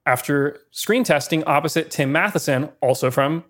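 A man with a slightly higher voice co-hosts a casual podcast about old movies. He tells behind-the-scenes stories in a lively way, full of asides and small chuckles. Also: normal speed. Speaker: podcast co-host. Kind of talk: casual film-history chat.

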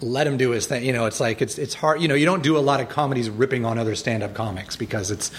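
A man's voice: mid-range voice, quick pace. A man in a casual conversation, telling stories and acting out other people's lines in a raised voice. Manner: animated, acts out quotes in a raised voice. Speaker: animated series co-creator guest.

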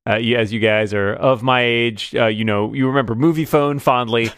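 A man's voice: mid-range voice, steady tone, normal speed, a bit bright, smooth, dry recording, studio quality. A man co-hosting a podcast, telling playful anecdotes in casual chat. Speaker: podcast co-host.

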